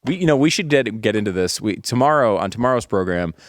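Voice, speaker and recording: A man's voice: lively intonation, fast talker, dry recording, studio quality. A man co-hosting a casual comedy talk podcast, joking around and reading a sponsor ad. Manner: bouncy, often jumps high in pitch when joking. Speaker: co-host. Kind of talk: casual comedic chat with ad read.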